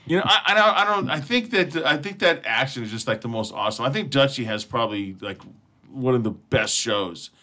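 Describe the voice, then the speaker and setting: A man's voice: mid-range voice, animated, brisk, sharp tone. A man hosting an internet radio show, chatting casually with his co-hosts, laughing often, rambling and swearing freely. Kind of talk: casual chat.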